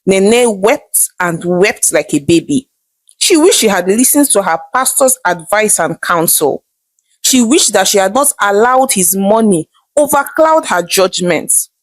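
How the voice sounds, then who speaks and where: A woman's voice: medium pitch, expressive, a little slow, no room sound. Woman telling a folktale. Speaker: storyteller. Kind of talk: scripted folktale narration.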